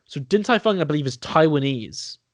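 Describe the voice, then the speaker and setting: A young man with a high-ish, expressive voice talks briskly in clean studio sound with no room noise. He co-hosts a podcast, chatting casually over beers and enthusing about food, with restarts and the odd swear.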